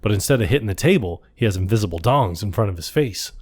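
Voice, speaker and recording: A man's voice: lowish voice, expressive, fast talker, darkish tone. A man co-hosting a podcast, recapping a film in casual chat, quoting scenes in funny voices and laughing often. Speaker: podcast co-host.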